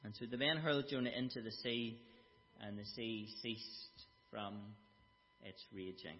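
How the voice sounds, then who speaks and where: A man's voice: medium pitch, unhurried, a little hiss or hum. A man preaching a sermon, explaining a Bible passage with emphatic, dramatic quotes. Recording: dull sound with long hall reverb.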